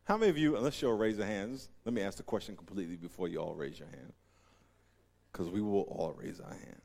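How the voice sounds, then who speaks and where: A man preaching a sermon as pastor, animated, acting out scenes in voices and laughing often. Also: fairly low pitch, fairly quick, creaky. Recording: long reverb of a large hall.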